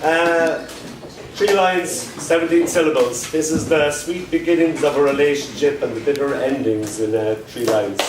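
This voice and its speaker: A man doing a live poetry reading with dry, deadpan humor, slowing right down to recite his lines. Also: on the high side. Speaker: performance poet. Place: live performance at a pub club night. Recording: echoey room, distant mic, noisy.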